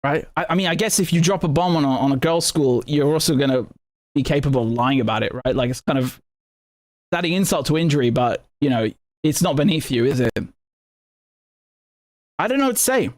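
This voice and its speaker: A man's voice: fairly high pitch, a little fast, darkish tone. A man hosting a live news commentary, talking indignantly with many stammered restarts and rhetorical questions. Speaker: political commentator and host.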